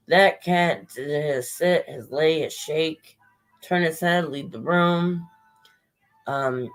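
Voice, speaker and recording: A woman with a deep voice chats casually on a livestream, rambling, swearing a bit, and greeting viewers by name. Her voice sounds strained and short of breath, and the audio quality is poor.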